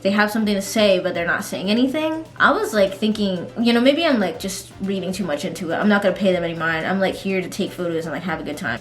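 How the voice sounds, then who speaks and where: A woman vlogger telling stories in a casual chat, animated and laughing often as she goes. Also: medium pitch, echoey room. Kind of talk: casual storytelling vlog.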